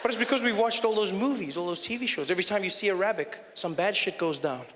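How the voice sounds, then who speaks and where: A man performing a stand-up comedy routine, animated and conversational with lots of "you know". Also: sits high, quick pace, over a noisy crowd, very noisy. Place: comedy stage in a hall. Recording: hall reverb, faint room ambience.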